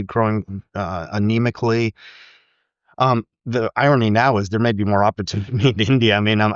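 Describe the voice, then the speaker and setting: A middle-aged man with a very low voice speaks in a reflective, candid way, pausing on fillers. The sound is dry and a little dull. He talks as an interview guest. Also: no echo. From United States. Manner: thoughtful, candid, with frequent fillers and soft laughs.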